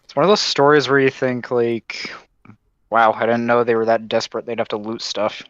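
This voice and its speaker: A man's voice: mid-range voice, little pitch movement, moderate pace, fairly bright tone, no echo. A man in a casual group discussion, making short, joking remarks. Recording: dull dry voice-chat mic.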